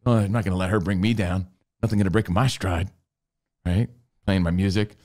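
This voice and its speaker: A middle-aged man, a podcast co-host, telling a comedic story in an animated way, acting out scenes with shouts and voices. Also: low-pitched, a little fast.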